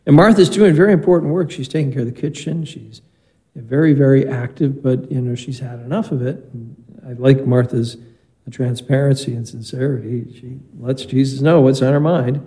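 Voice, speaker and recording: A man's voice: medium pitch, steady tone, normal speed, mellow, rough recording. A man, a priest, reading the Gospel and giving a conversational homily with stories in a church. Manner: conversational preaching with anecdotes. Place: church or chapel.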